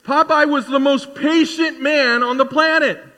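A man in his forties preaching a sermon in a conversational, animated way, acting out little asides. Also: very high-pitched, unhurried, in a large hall. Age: 40s. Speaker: pastor. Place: church sanctuary.

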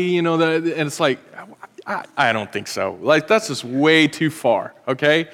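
Man, 40s, pastor, sermon, high voice, joking and conversational, long church reverb. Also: moderate pace. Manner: conversational, joking, animated preacher.

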